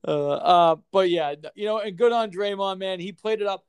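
Podcast host, male, higher register, crisp dry tone, loose profane sports chat. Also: moderate pace, no room sound. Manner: profane, excitable banter.

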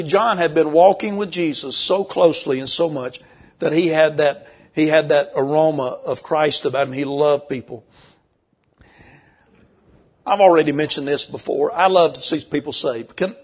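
An older man preaching a sermon, folksy and emphatic, slowing down when he reads scripture. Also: on the high side.

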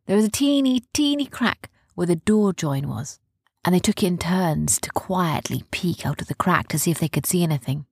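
A woman narrating a children's adventure story softly, hushing at tense moments. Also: on the low side, lively intonation, normal speed, slightly rough, no echo, studio quality.

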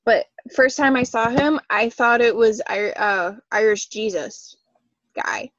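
Teasing woman with a higher voice. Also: measured pace, fairly bright tone, dry recording, muffled recording. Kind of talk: casual chat.

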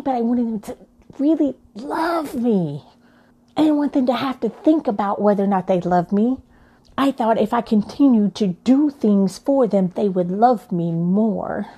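Candid mid-aged woman, mellow voice. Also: medium pitch, breathy edge. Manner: candid, emphatic, repeats points. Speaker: mother telling her story. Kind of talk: personal talk.

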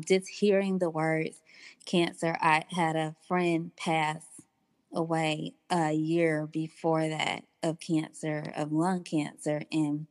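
A woman's voice: deep voice, a little mellow, no echo. A woman guest in her thirties telling her personal story candidly, acting out the dialogue she recalls. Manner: candid, unhurried, acts out quoted dialogue.

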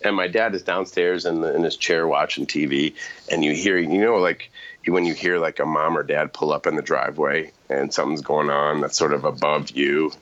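Low-voiced man telling a rambling story. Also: steady tone, normal speed, fairly bright tone, dull audio. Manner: rambling, self-correcting, laughing anecdotes. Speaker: podcast storyteller. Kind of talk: casual storytelling chat.

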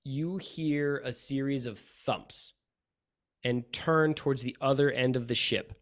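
A man running a tabletop role-playing game as its game master, narrating scenes slowly and breaking into laughter between them. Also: medium pitch, steady tone.

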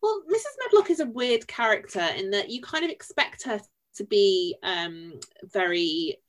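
A woman with a Yorkshire accent talks through a film in casual podcast chat. She is animated and expressive, with wry asides and a voice at an ordinary middle pitch. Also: normal speed. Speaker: podcast co-host.

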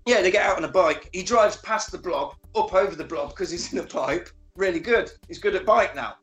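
A man casually recapping a film as a podcast co-host, animated and sweary, acting out characters' lines. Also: high voice, a little fast, echoey room, faint music behind.

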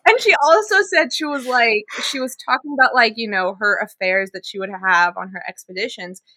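Young woman, bright and slightly high, gushing book talk. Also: normal speed, no echo. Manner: gushing, acts out quotes, many fillers. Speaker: book club co-host. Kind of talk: casual chat.

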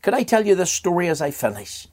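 A man's voice: high voice, sing-song, fast, darkish tone. An older man from Ireland preaching a sermon in an earnest voice, asking rhetorical questions and repeating phrases.

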